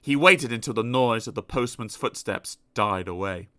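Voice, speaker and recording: A man narrating a children's storybook aloud in an expressive, animated storytelling manner. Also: fairly low pitch, normal speed. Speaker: audiobook narrator.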